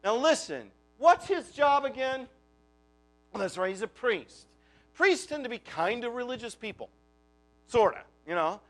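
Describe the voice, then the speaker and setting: Casting note: man with a very high voice, chatty sermon, asks the congregation lots of questions. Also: sing-song, a little slow, soft background music. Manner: conversational, full of rhetorical questions. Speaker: preacher. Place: church.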